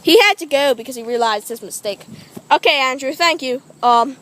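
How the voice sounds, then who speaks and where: A woman's voice: sits high, normal speed, fairly bright tone, slight background noise, low-quality recording. A young woman hosting an improvised spoof documentary, playful and mock-formal as she interviews friends outdoors. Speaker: interviewer and host.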